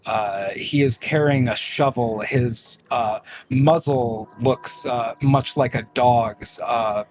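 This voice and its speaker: Slow, hesitant man narrating a game. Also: medium pitch, noisy background. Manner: slow, hesitant, lots of ums and uhs. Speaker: game master.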